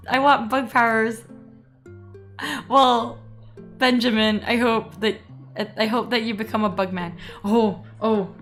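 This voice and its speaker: A woman streamer chatting casually and telling animated stories, laughing often. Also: fairly high pitch. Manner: giggly, animated storytelling with frequent laughs. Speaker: VTuber streamer. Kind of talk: casual livestream chat.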